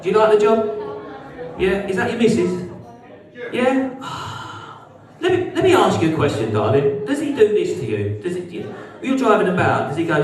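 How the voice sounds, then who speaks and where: A man's voice: sits high, big pitch swings, normal speed, long pauses, a little mellow. Essex man on stand-up, raised voice that swings up and down, crude crowd banter, roomy club sound from far off. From Essex, England. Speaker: stand-up comedian. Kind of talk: live stand-up set. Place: social club stage. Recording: echoey club room, mic from far off.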